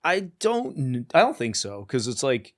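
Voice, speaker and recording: A man's voice: medium pitch, sing-song, moderate pace, a bit bright. A man chatting loosely as a podcast guest, joking and swearing freely. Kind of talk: casual conversation.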